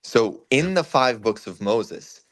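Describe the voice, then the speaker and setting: A man on a video call explaining biblical scholarship in a measured way. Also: mid-range voice, lively intonation.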